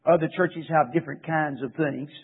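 A man's voice: fairly high pitch, fairly even intonation, normal speed, gravelly, husky. A man preaching a sermon, pressing his listeners with impassioned rhetorical questions. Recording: tinny phone-like radio broadcast.

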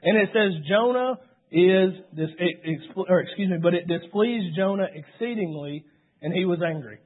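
A man's voice: high voice, moderate pace. A man preaching a sermon, retelling scripture in a storytelling way. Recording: tinny phone-like sound.

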